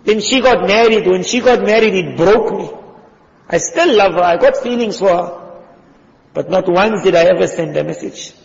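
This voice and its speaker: A man preaching a sermon with passion, acting out the voices he quotes and dropping at times to hushed tones. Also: high voice, moderate pace, gravelly. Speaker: Islamic preacher. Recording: dull sound in a reverberant hall.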